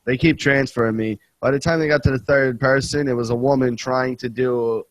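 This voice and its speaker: Brief: male co-host, mid-pitch, dry close sound, storyteller who mocks callers. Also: steady tone, fairly quick, no room sound, poor audio. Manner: storytelling, mimics callers mockingly. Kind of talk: casual podcast banter.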